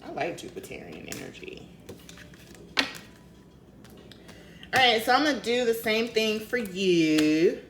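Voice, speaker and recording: A woman's voice: mid-range voice, very animated, slow, pauses often, echoey room, background noise. A woman from Denver with a slight Maryland accent, giving a casual tarot reading and chatting loosely with fillers and swearing. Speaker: tarot reader.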